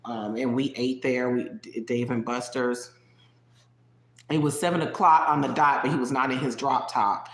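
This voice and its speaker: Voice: medium pitch, fairly even intonation, normal speed. A livestream host telling a personal story in casual, digressive chat, talking straight to viewers in the chat. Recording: roomy echo.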